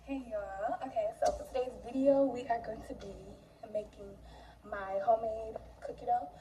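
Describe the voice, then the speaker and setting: A woman's voice: on the high side, fairly even intonation, moderate pace, warm tone, distant mic, slight background noise, low-quality recording. A woman hosting a casual baking vlog, chatting in a playful, slangy way from her home kitchen. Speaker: vlogger host. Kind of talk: casual chat while baking.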